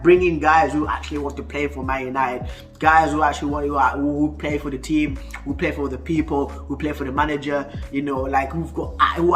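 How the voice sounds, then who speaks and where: A man's voice: a little high, fairly bright tone. Stuttering, heated young man. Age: 20s. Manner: heated, repetitive, stuttering restarts. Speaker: football fan vlogger. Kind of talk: casual ranting commentary.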